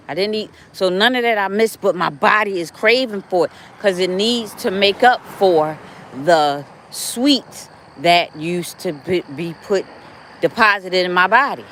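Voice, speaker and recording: Older lady chatting on her walk, phone mic, faint crickets and traffic behind. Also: fairly low pitch. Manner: chatty, animated, talks to viewers. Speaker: vlogger. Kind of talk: casual walking vlog. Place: outdoors on a neighborhood walk. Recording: faint outdoor noise.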